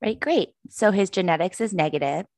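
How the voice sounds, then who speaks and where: A woman co-hosting a podcast, presenting exam cases in a clear, measured way. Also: medium pitch, expressive, darkish tone, no room sound. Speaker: podcast co-host.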